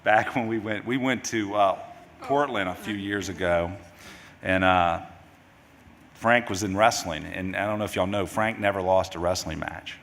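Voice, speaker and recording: At a large memorial hall, a grieving middle-aged father speaks into a podium microphone, giving a eulogy in halting, rambling sentences he keeps restarting, his voice near tears. His voice sits low with a fairly bright tone and fairly even intonation. Hall reverb and faint background noise are audible.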